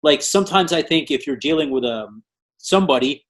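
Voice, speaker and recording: A man hosting a podcast who tells an anecdote in a relaxed, casual way full of fillers. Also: fairly high pitch, fairly quick. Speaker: podcast host.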